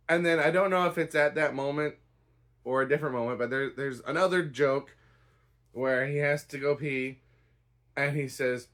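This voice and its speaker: A man's voice: mid-range voice, fairly even intonation, moderate pace, a bit bright. A man giving a casual spoken review of a stage play, rambling and hedging with a dry, unimpressed tone. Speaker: theatre reviewer.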